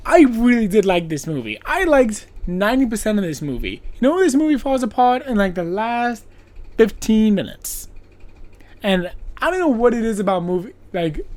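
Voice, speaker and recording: Animated woman recapping a slasher film. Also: mid-range voice. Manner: animated, swearing, acts out characters in quick voices. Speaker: podcast host. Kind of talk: casual movie recap.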